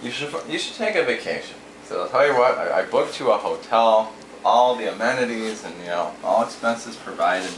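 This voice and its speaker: A man with a fairly low voice tells jokes in a loose, chatty way and slips into quick voices for the people in them. The room is echoey, with a faint hiss behind him. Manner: relaxed storyteller, acts out voices in quotes. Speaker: joke teller. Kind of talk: casual joke telling.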